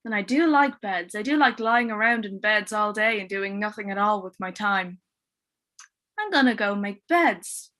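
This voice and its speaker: A woman voicing a lazy, greedy male pig who owns a mattress factory, with a slow, dismissive drawl. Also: medium pitch, expressive, sharp tone.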